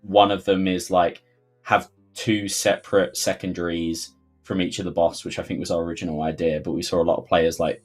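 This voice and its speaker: A man's voice: low voice, flat delivery, brisk, soft background music. A man with a London accent hosting a livestream Q&A, chatty and rambling, full of fillers and sudden jokey outbursts. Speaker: game developer host. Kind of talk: livestream Q&A chat.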